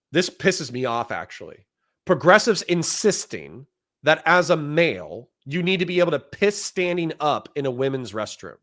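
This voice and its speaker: A man's voice: a little high, very animated, a bit bright. Blunt, profane male livestream host. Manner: blunt, profane, quick to get heated. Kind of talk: livestream commentary reading chat.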